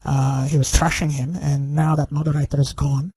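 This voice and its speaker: A man giving an unscripted, accusing video monologue, halting and full of fillers and restarts. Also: on the high side, little pitch movement, a little mellow, breathy edge, no echo, poor audio. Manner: accusing and indignant. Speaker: online video commentator.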